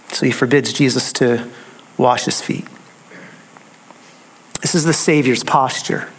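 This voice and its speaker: A man preaching an expository sermon, slow and dramatic, with emphatic repetition. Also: medium pitch, slight background noise.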